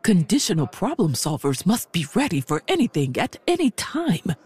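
A woman playing a brisk, eccentric aunt who sneaks up on the kids, with a husky, matter-of-fact, wry delivery in an audio drama. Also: on the low side, wildly swooping pitch, a little mellow, full character voice.

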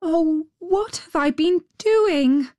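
A woman voicing an eager, anxious little girl in a fairy tale reading, with high, breathless exclamations. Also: slow, warm tone, no echo, studio quality.

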